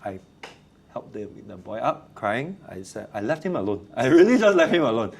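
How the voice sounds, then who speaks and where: A Singaporean-accented teacher tells classroom stories in a casual interview, animatedly acting out the quotes. His medium-pitched voice is husky with vocal fry, and he speaks fairly quickly.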